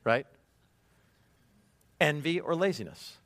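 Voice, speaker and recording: A male preacher with a slightly raised voice drives his sermon hard, tossing out rhetorical questions and stumbling into quick restarts when he gets fired up. The sound is dry and close, with no room around it. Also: on the high side, lively intonation, fairly bright tone, dry recording. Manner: emphatic, rhetorical questions, repeated "right?". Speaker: pastor.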